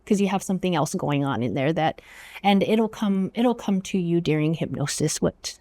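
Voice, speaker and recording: A woman hypnotherapist explaining her work in a casual interview, chatty and quick to affirm with "yes". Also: fairly low pitch, expressive, darkish tone, no room sound. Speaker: clinical hypnotherapist.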